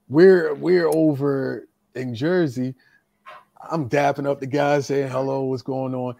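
A man telling wrestling stories in casual chat, animated, acting out what others said. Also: medium pitch, creaky, no room sound, studio quality. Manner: animated, acts out quotes, laughs often.

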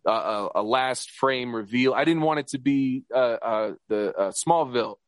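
Man, podcast co-host, casual chat, excited and rambling, mid pitch, dry close recording. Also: no room sound. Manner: excited, rambling, fast with restarts and laughs.

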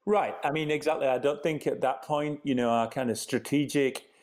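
A middle-aged man with a Yorkshire accent softened by years in America, talking as an interview guest in a thoughtful way, with many restarts. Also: medium pitch, normal speed, a little hiss or hum. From Yorkshire, England. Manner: thoughtful, many restarts and "you know" fillers. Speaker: interview guest, company co-founder. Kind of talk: casual conversational interview.

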